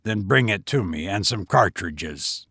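A man doing a curt, commanding gentleman. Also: sits low, expressive, a little slow, breathy edge, no room sound, clean studio sound, voice pushed down, full character voice. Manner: clipped, brusque orders.

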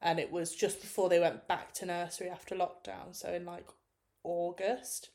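Easygoing woman, lowish voice. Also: little pitch movement, normal speed, darkish tone, slight background noise. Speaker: podcast co-host. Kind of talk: casual chat.

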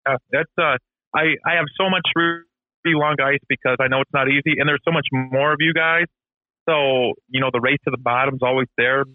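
A man's voice: mid-range voice, fairly even intonation, a little fast, no echo. A man who owns a fence business, a podcast guest telling stories in an earnest, casual way. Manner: earnest, storytelling. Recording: tinny phone-line call.

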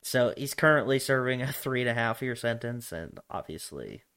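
A young man chats loosely on a podcast, swearing freely and laughing between his rambling thoughts. His voice sits at an ordinary middle pitch. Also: lively intonation, normal speed, fairly bright tone, clear, resonant tone. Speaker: podcast co-host. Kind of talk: casual chat.

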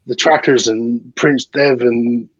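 A man's voice: medium pitch, fairly even intonation, slow pace, no room sound, lo-fi sound. An English man talking as a guest in casual chat, chatty and eager, often saying "you know". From England.

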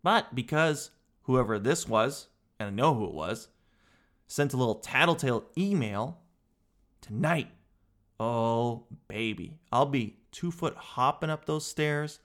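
A man hosting a talk show, delivering a comedic rant that is animated, exasperated and full of casual swearing. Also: medium pitch. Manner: animated, exasperated, peppered with "dude".

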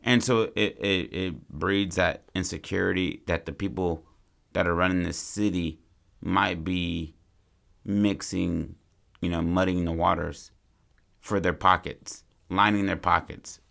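A man's voice: low-pitched, measured pace, vocal fry, a bit bright. A man co-hosting a podcast, brainstorming a story in casual, rambling, profane chat. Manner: rambling, profane, acts out characters. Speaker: podcast co-host.

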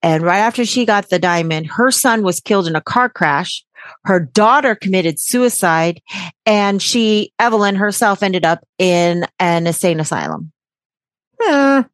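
A woman's voice: on the low side, moderate pace, dry recording. Brash, swearing woman podcast host. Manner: brash, jokey, swears freely with sarcastic asides. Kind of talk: casual podcast chat.

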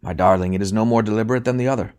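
A man reading an audiobook, voicing a grave husband who speaks in a soothing, steady, reassuring way. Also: on the low side, rapid-fire, clear, resonant tone, pitched above the performer's own voice, close to an everyday voice.

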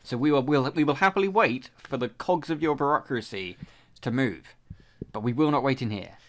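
A man's voice: mid-range voice, lively intonation, fairly quick. A man playing a tabletop game in character, speaking in a firm, formal and insistent way. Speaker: player. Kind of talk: in-character role-play.

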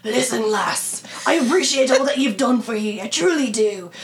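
Gruff Scottish man put on by a woman, stern, earnest, drawn out, story-game reading. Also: a little high, lively intonation, normal speed, echoey room, slight background noise. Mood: regretful.

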